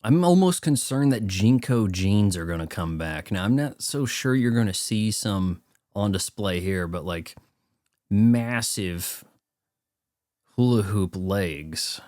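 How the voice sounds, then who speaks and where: A man's voice: fairly low pitch, animated, slow, a little mellow, dry recording, studio quality. A man giving casual movie watch-along commentary, riffing sarcastically in a rambling way. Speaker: film commentator.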